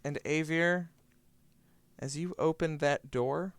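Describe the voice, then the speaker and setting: A man running a tabletop game as game master, narrating scenes in an unhurried, descriptive way with fillers. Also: fairly high pitch, clean tone, dry recording.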